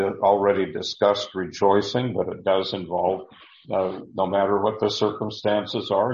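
Low male Bible teacher, deliberate and halting, in a roomy, muffled recording. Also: creaky, a little mellow. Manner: deliberate, with frequent fillers and repeated words.

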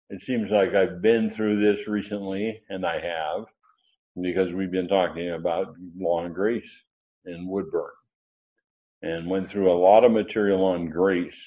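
A man teaching Bible grammar in a lecture, rambling with fillers and restarts, then pressing hard on his key points. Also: low voice. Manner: digressive, with many fillers and restarts. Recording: dull, lo-fi sound.

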